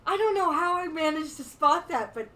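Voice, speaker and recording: A woman's voice: high-pitched, animated, pushed and bright. A woman co-hosting a casual movie review podcast, chatty and amused. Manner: chatty, amused, quick to laugh. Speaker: podcast co-host.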